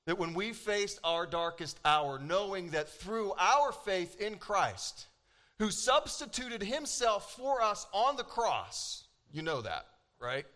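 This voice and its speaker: Pastor guy preaching, kinda high voice, slow deliberate delivery, punchy dramatic quotes. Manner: animated, emphatic preaching with dramatic quoted lines. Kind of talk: sermon.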